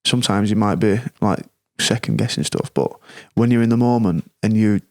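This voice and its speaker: A man co-hosting a podcast, supportive and quick with short agreements. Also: fairly low pitch, darkish tone, no room sound, clean studio sound. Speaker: podcast co-host. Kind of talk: casual podcast chat.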